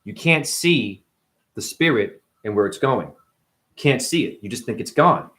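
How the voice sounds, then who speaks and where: A man hosting a casual spiritual monologue, animated and profane, full of rhetorical questions. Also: medium pitch, a little slow. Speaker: host.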